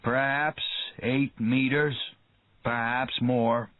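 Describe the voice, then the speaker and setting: A man voicing a seasoned boat captain who talks curtly and slowly in a matter-of-fact way. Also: mid-range voice, steady tone, dry recording, lightly acted. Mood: calm. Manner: curt, slow, matter-of-fact. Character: gruff seasoned male shark-boat captain. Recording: tinny phone-like dry sound.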